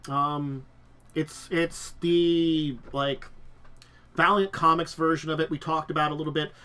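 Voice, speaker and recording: A man hosting a casual chat about tabletop games, a bit stuffed up, talking in halting starts with lots of ums. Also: on the high side, fairly even intonation, pushed and bright, clean tone. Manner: halting, many restarts and ums. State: stuffed up nose. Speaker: podcast host.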